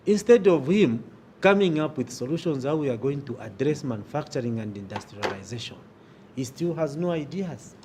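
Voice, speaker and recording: Man, Zambian English accent, politician at a press briefing, emphatic and deliberate, faint noise behind. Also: medium pitch, expressive, warm tone. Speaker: opposition member of parliament.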